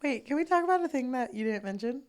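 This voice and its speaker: A woman co-hosting a book podcast in relaxed chat. She gushes and swears, padding her lines with fillers as she recounts scenes. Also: sits high, fast talker. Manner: gushing, profane, filler-heavy. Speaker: podcast co-host. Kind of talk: casual book-club chat.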